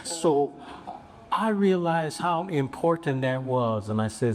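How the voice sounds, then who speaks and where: A man in his seventies, a bishop on a panel, telling a story in an unhurried, reflective way. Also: a little high, animated, slight background noise. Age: 70s. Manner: unhurried, reflective, acts out quoted voices.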